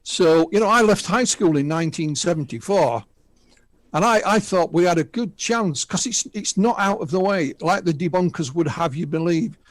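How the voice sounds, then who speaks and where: His voice sits high and the recording is dry, the pace moderate. He's a northern Englishman in his sixties with a Northern English accent, appearing as a guest UFO researcher who casually retells witness accounts on the radio, full of asides.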